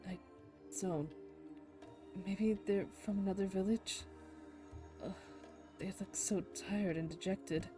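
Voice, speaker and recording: A woman plays through a story game and reads every line aloud herself, narration and characters alike. She often breaks off into loud, laughing reactions. Faint game music plays quietly behind her voice. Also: mid-range voice, fairly even intonation, takes it slowly, pauses often. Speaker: game streamer voicing the story. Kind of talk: reading game dialogue aloud with live reactions.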